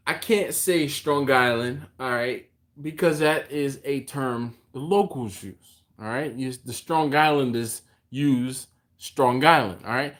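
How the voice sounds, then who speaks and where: A man from Philadelphia hosting a casual barbecue livestream, reading out viewer comments and chatting back to them. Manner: animated, jumps in pitch when quoting others. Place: home, live stream.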